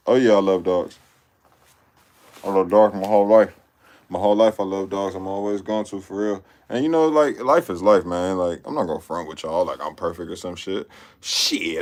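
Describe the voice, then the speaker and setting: Deep-voiced dude w/ just chilling and rambling about his dogs, slangy, repeats himself. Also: normal speed. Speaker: vlogger. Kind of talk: casual chat.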